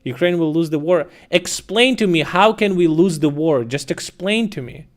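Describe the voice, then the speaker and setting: A man's voice: on the high side, lively intonation, moderate pace. A man streaming live, answering chat comments in a blunt, mocking, incredulous way with plenty of swearing.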